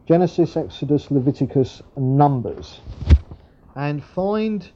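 Male preacher with a mellow tone and a lively, rising-and-falling delivery. Chatty sermon style with plenty of asides, on a dull lo-fi recording. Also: on the high side, slow, a little hiss or hum. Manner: conversational, with frequent asides and tag questions. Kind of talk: sermon with Bible reading.

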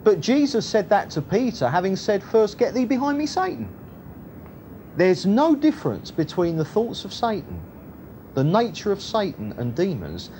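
Animated preacher man. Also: a little hiss or hum. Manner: animated, swings from loud emphasis to low asides. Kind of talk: sermon, Bible teaching.

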